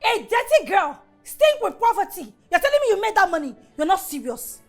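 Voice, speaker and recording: A mocking young bully, Nigerian accent, very high lively voice, faint music. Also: female voice, fairly quick, full character voice. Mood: taunting. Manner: mocking, shrill insults and threats. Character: spiteful young woman bullying her stepsister. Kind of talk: Nollywood film acting.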